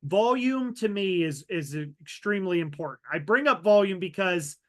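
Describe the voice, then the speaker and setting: Man, high-pitched voice, webinar presenter, animated delivery, shifts volume and pace. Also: moderate pace. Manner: animated, varies loudness and pace for emphasis. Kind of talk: virtual training talk.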